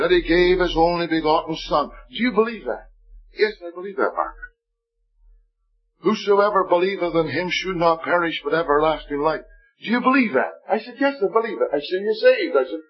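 A man's voice: on the high side, expressive, fairly quick, soft background music. A man preaching a testimony sermon, telling a story and acting out the voices in quoted dialogue. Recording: dull lo-fi recording.

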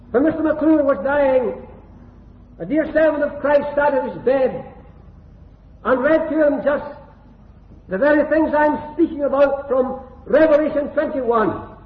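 An older man from Scotland delivers a fervent gospel hall sermon in a very high-pitched voice, building his points through rhythmic repetition. He sounds echoey and tinny, as if heard on an old phone-like recording made in a reverberant hall. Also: takes it slowly, long pauses. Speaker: preacher.

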